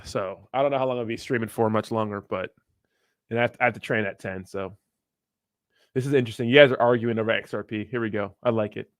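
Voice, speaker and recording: On a casual livestream, a man in his thirties reads crypto chat in a fairly low voice at a quick pace, rambling, profane and easygoing, laughing often. There's no echo, and the audio is clean studio sound.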